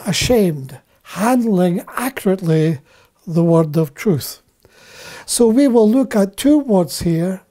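Slow, deliberate male preacher. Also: high-pitched, mellow. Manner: deliberate, repeats key phrases for emphasis. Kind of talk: Bible teaching sermon.

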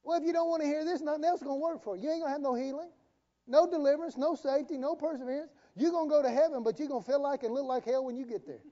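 A man's voice: very high voice, very fast, mellow. A man preaching a sermon as the pastor, folksy and joking, calling on the congregation to repeat after him. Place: church sanctuary. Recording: dull, reverberant live church stream.

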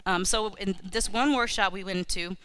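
A woman preaching a storytelling sermon, animated and exhorting, repeating key phrases to the congregation. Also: medium pitch, normal speed, clean tone, no room sound. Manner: animated, acts out her own prayers and inner voices. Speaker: church speaker.

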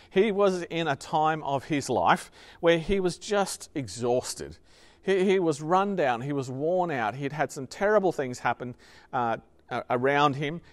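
A man preaching a sermon as pastor, earnestly repeating key phrases and dropping to a soft voice on tender points. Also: fairly high pitch.

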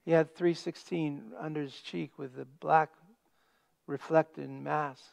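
A man preaching a sermon as pastor, stressing key words and dropping to a hush at the ends of phrases. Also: a little high, fairly even intonation, slow pace, creaky. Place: church sanctuary.

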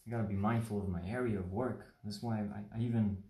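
A man from Mexico talks casually through a paper-folding tutorial on a livestream, chatty and prone to rambling asides. His voice sits low and mellow. The room around his mic is echoey. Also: fairly even intonation, fast talker. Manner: rambling, chatty, asks the viewer questions. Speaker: origami instructor. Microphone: livestream phone or webcam mic.

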